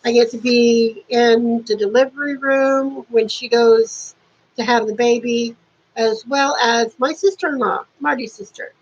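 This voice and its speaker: A woman's voice: fairly high pitch, fairly even intonation, unhurried, breathy edge, highs cut off. A woman in her fifties chatting casually to camera at home, dropping dry sarcastic asides. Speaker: beauty vlogger. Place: warm apartment at home.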